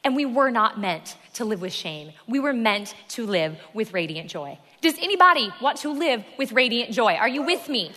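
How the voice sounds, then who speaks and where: A woman preaches from the front of a church, emphatic and repeating her key phrases. Her voice sits a little high and rings bright and clear. A long reverb trails behind her in the large hall. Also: very animated, normal speed, few pauses. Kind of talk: sermon.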